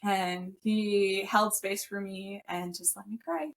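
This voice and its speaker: A woman's voice: mid-range voice, steady tone, slow. Candid woman sharing personal stories. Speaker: podcast co-host. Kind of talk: casual personal storytelling.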